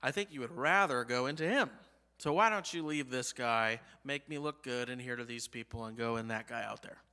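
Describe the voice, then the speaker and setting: A man's voice: medium pitch, fairly quick, pushed and bright, smooth, long reverb tail. A male pastor voicing a man who tries to coax a spirit away with persuasion. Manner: wheedling, persuasive. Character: coaxing man bargaining with a spirit.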